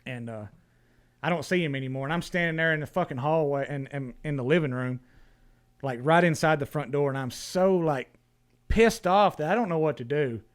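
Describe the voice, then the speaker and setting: A man's voice: fairly high pitch, brisk, smooth. A man, a podcast guest telling a story in casual talk, blunt and profane, often restarting his words.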